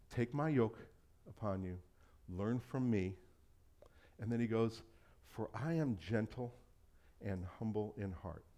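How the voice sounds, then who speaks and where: A man's voice: lowish voice, dark tone. Pastor man preaching in a chatty way. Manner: conversational, acts out quoted voices, laughs often. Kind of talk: sermon.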